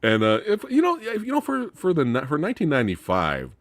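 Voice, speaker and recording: A man hosting a casual movie review chat, excitable and laughing, often restarting his sentences. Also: a little high, fast talker, no echo. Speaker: host.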